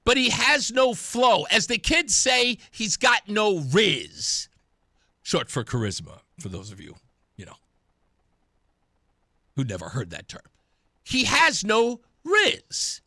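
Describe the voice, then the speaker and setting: A man's voice: very high voice, slow pace, gravelly, long pauses, no echo, studio quality. A man hosting a talk radio show, delivering an opinionated, mocking monologue with frequent laughter. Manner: mocking, animated, laughs often.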